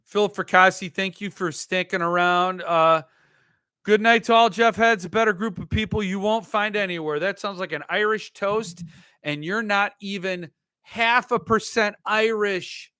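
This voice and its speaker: Bright-voiced joking man hosting a stream. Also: high-pitched, moderate pace, smooth, no room sound, clean studio sound. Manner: joking, rambling, self-mocking. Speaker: host of a book live stream. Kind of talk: casual live-stream chat.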